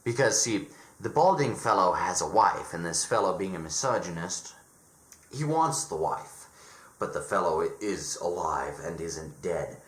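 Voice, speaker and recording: Sarcastic stammering man, lively pitch. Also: a little slow, roomy sound. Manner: sarcastic, dismissive, frequent stammered restarts. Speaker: horror reviewer. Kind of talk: opinionated casual review.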